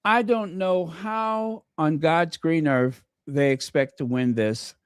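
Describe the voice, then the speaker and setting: A man's voice: on the high side, slow pace, clear, resonant tone, no echo. A man hosting his own channel in casual live commentary, chatty and thinking aloud as he reads viewer comments. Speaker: channel host.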